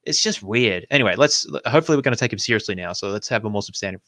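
A man's voice: lowish voice, expressive, very fast, a bit bright, no echo. Dry-sounding man giving rambling commentary. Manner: rambling, hesitant, with frequent fillers and restarts; incredulous, laughing. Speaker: host responding to videos. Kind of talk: casual spoken commentary.

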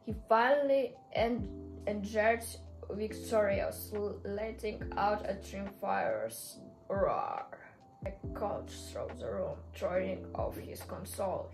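A young woman vlogger reading an AI chatbot role-play aloud, breaking into dramatic squealing outbursts between flat stretches. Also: medium pitch, rough recording. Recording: loud background music.

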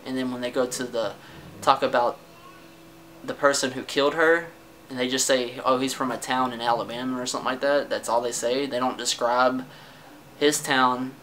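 A young man rants to his own camera, frustrated and defensive. His voice is bright and a bit sharp, with plenty of cursing and sentences he drops and starts again. The camera mic picks up a faint steady hiss. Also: mid-range voice, normal speed, low-quality recording. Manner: frustrated, defensive, swears often, trails off and restarts. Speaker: vlogger. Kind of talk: casual personal rant to camera.

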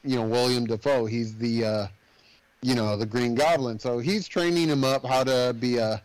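A man's voice: mid-range voice, steady tone, normal speed, no room sound, low-quality recording. A man hosting a casual movie podcast, retelling a plot in a rambling way with lots of fillers and acted-out quotes. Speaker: podcast host.

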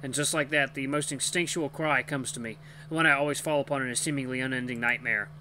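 A man's voice: mid-range voice, steady tone, fast, sharp tone, a little hiss or hum. A man hosting a gaming channel, reading a visual novel aloud expressively with occasional slips.

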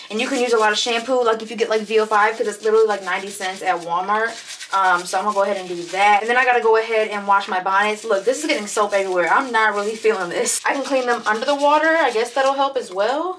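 A woman's voice: mid-range voice, fairly even intonation, fast talker, a bit bright, slight background noise. A young woman with an American accent, chatting in a vlog, rambling with lots of fillers and preachy asides, recorded on a phone in a car. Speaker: vlogger. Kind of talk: casual vlog chat. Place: in a car, driving.

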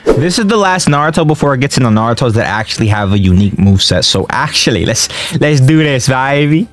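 A young man commenting on his own gameplay, excitable and slangy, often yelling and trash-talking the game as he plays. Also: mid-range voice, fast. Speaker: gaming streamer.

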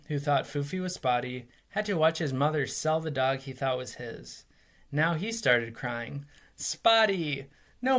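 A man, a teacher, reading a memoir aloud with lively, expressive storytelling. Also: mid-range voice.

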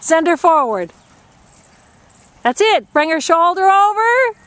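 A woman's voice: extremely high pitch, sing-song, slow, fairly bright tone, no room sound. A woman riding instructor coaching a rider live, encouraging her and repeating short commands.

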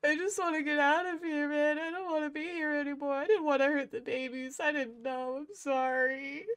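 A woman's voice: steady tone, moderate pace, fairly bright tone. A woman voicing a frightened male thug who sobs and pleads to be let go, in a tabletop game. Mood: sobbing, pleading. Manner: high, pleading, tearful. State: crying. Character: terrified sobbing male thug begging.

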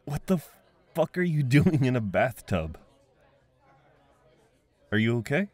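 A man voicing a friendly young man at a party, talking gently and coaxingly with frequent chuckles, in an audio role-play. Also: fairly low pitch, expressive, slow, dry recording, a faint crowd. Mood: gentle, teasing.

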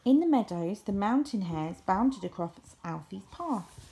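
A woman reading a children's picture book aloud, with expressive storytelling. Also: medium pitch, measured pace. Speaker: storybook reader.

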